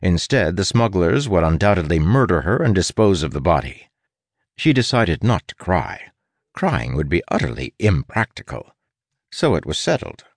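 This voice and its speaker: Male audiobook narrator, deep voice, playful and wry, dry booth sound. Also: dry recording. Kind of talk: scripted narration.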